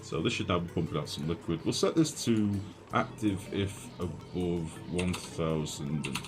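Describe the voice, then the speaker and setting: A young man with a deep, low voice, streaming a game and chatting to his viewers. He sounds flustered and pokes fun at himself. Game music plays clearly underneath him. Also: normal speed. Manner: chatty, flustered, self-mocking, greets chat viewers. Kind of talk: live-streamed gameplay commentary. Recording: music playing clearly behind voice.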